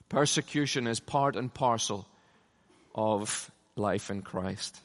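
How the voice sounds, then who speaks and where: A middle-aged man preaching a conference sermon, emphatic, swinging from loud passionate peaks down to low, quiet lines. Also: takes it slowly. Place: large conference hall. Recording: long hall reverb.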